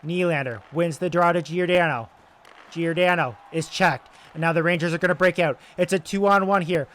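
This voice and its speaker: A young man doing excitable play-by-play commentary over a video game, moving between loud calls and quiet asides, his voice getting strained. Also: on the high side, moderate pace. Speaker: gaming YouTuber doing play-by-play.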